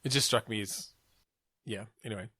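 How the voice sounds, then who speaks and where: A man's voice: on the low side, brisk, bright, forceful tone, no echo, studio quality. A man hosting a podcast, steering a game-design brainstorm with questions and frequent restarts. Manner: steers the talk, asks questions, self-correcting restarts. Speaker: podcast host.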